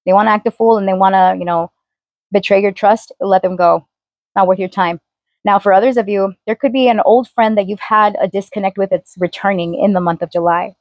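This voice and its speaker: A woman's voice: mid-range voice, fairly even intonation, fairly quick, darkish tone, dry recording. A woman tarot reader talking casually straight to her viewers, chatty and loose, full of fillers as she reads the cards. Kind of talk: casual tarot reading to camera.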